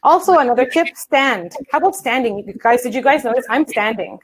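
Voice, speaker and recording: An energetic woman with a fairly high voice coaches viewers in an online English workshop, talking a little fast and addressing them as "guys." She's an English coach and presenter, chatting from a standing desk in her home office. It's recorded over a video call, and the audio is poor.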